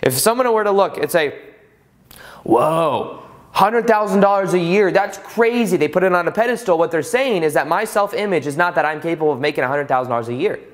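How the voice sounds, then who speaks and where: A man with a slightly raised speaking pitch talks in an easygoing, conversational way. He tells his story with rhetorical questions and loose restarts, like a podcast host chatting with his listeners. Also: a little fast. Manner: relaxed, repeats himself and restarts often. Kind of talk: casual motivational talk.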